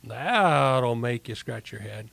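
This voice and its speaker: A man's voice: medium pitch, animated, takes it slowly, vocal fry, a bit bright. A man co-hosting a farm TV show, chatting casually and joking about his kitchen. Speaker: co-host. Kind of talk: casual chat.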